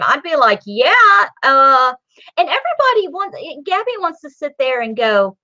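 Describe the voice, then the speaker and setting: Animated woman with a bright, lively voice. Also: fairly high pitch, moderate pace. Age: 40s. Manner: loud, crude, animated storytelling. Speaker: podcast host. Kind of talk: casual comedic chat. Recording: dull lo-fi sound.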